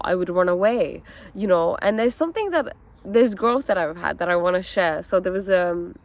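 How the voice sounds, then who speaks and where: A woman's voice: fairly low pitch, vocal fry. Earnest young woman telling a personal story. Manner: earnest and animated, with many fillers and "okay?" asides. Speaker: wellness content creator. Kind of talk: candid personal storytelling vlog.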